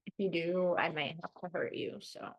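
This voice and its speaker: A woman's voice: fairly low pitch, steady tone, normal speed, no room sound. Chatty, upbeat woman with a dull, dry sound. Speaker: podcast host. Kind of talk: casual chat. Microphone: remote mic without its adapter.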